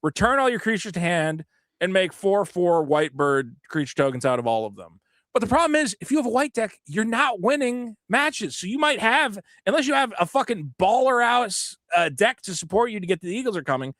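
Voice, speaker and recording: A man co-hosting a podcast, ranting with animated, profane energy and quoting other players in put-on voices. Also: sits high, fairly quick, dry recording, clean studio sound. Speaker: podcast co-host. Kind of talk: casual podcast chat.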